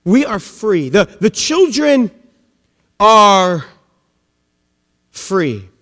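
A man's voice: very high-pitched, expressive, unhurried, a bit bright. A man preaching a sermon, emphatic, full of rhetorical questions and lines that open with "man". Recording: long reverb of a large hall.

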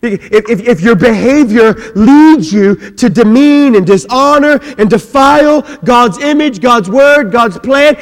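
A male pastor with a high voice delivers a sermon in a large church hall, and long reverb trails each phrase. He shifts between relaxed, conversational asides and loud, stretched-out emphasis, and he repeats key words to drive them home. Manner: swings from quiet chatty asides to shouted, drawn-out emphasis.

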